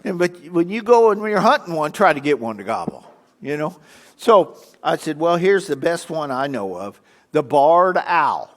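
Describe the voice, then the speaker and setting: A man's voice: on the high side, moderate pace. An older man, a guest speaker telling folksy, humorous stories and breaking into animal calls. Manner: lively, imitates animal calls. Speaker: guest speaker at a church event. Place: church sanctuary. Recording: long reverb of a church hall.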